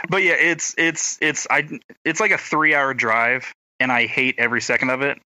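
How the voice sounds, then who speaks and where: A man's voice: mid-range voice, steady tone, moderate pace, bright, forceful tone, no echo, low-quality recording. A man with a rural Oklahoma accent telling stories in a casual chat, often stumbling and restarting. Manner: rambling storyteller, stumbles and restarts.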